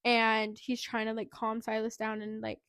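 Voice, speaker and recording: Woman podcast co-host, fairly high voice, chatty plot recap, dry close sound. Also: monotone, moderate pace, a bit bright, no echo. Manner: chatty retelling, leans on "like" and "anyway". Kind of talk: casual book recap.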